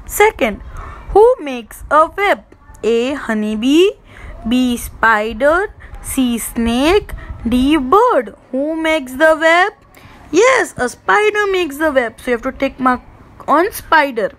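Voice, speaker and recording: A woman with an Indian English accent, teaching an online class to young children in a slow, sing-song way. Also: high-pitched, expressive, a bit bright, rough recording. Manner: slow, sing-song, mimics animal sounds for kids.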